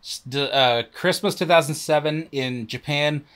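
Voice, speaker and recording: A man's voice: fairly high pitch, moderate pace, fairly bright tone, smooth. A young man co-hosting a gaming video, adding dry, factual asides. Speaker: let's play co-host. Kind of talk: casual gaming commentary.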